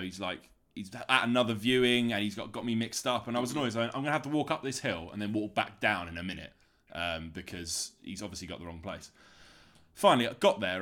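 A man co-hosting a podcast over a remote call, telling a long anecdote in a casual way and acting out the other people's voices. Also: on the low side. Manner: animated, acts out voices in his anecdotes. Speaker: podcast co-host. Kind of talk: casual storytelling chat.

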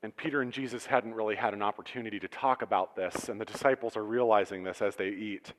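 A man's voice: fairly low pitch, fairly even intonation, fast, slight background noise. A male pastor preaching a sermon in a church, retelling a story conversationally with humorous asides. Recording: reverberant church hall.

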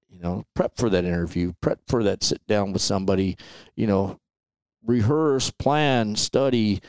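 A middle-aged man from Los Angeles, telling stories in a relaxed, chatty way and often tossing in "man" and "you know". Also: on the low side, vocal fry, no room sound. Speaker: guest. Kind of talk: casual storytelling interview.

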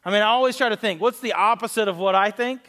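Male pastor, 40s, high-pitched, candid storyteller with self-deprecating humor, long hall reverb. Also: fast, bright, forceful tone. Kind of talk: conversational sermon.

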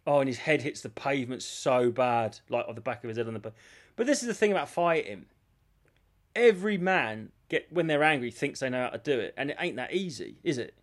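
A man co-hosting a podcast, telling stories in an animated casual chat and swearing freely. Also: mid-range voice, brisk. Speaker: podcast co-host.

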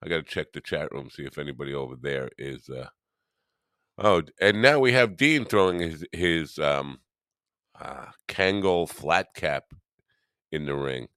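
A man with a very deep voice hosts a morning live stream, rambling and teasing his chat in a self-deprecating way. He sounds drowsy and half awake. The sound is dry and close, with no room around it. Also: a little slow, fairly bright tone, clear, resonant tone, no room sound.

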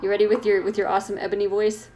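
A woman's voice: mid-range voice, completely flat delivery, rapid-fire, warm tone, slight background noise. A woman co-hosting a comedic reading, groaning and mocking the text in a theatrical, exasperated way. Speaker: podcast co-host. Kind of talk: comedic dramatic reading and banter.

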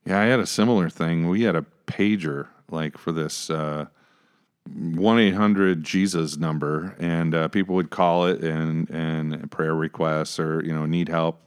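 Man, deep voice, smooth and resonant, casual pastor storytelling. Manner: animated, acts out his own past reactions. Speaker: pastor and podcast co-host.

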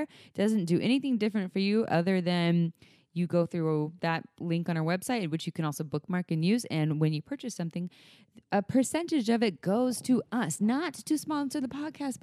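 Lowish woman cohost, teasy and laughy, runs thru announcements, dry close mic. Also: darkish tone, no room sound. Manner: teasing, laughing, reads announcements. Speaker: podcast co-host. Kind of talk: casual chat.

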